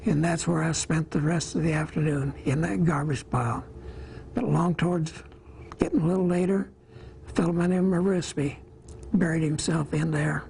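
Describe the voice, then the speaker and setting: A man in his eighties from Iowa, a war veteran telling his memories in an interview, plain-spoken and halting, with small pauses. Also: on the high side, steady tone, vocal fry, a little mellow, slight background noise, poor audio.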